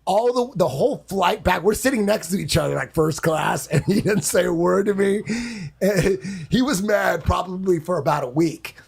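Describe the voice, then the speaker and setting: A man with a fairly high, husky voice tells a story on a podcast. He rambles, circles back and repeats himself, and swears freely. His tone has a gravelly edge throughout. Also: normal speed. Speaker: podcast guest. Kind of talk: casual storytelling.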